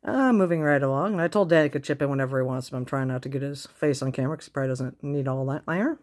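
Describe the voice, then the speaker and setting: A woman's voice: rumbling low, quick pace, darkish tone. A woman casually retelling a storybook in a car, chatty, laughing often and filling with ums. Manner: chatty, laughing, many fillers. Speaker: book vlogger. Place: inside a car.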